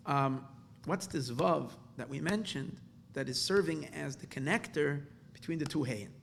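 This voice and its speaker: Speaking at normal speed in a gravelly, slightly high voice, a rabbi leads an excitable Torah class before a live audience, with a little background noise. He restarts and repeats himself often and sprinkles Hebrew terms throughout.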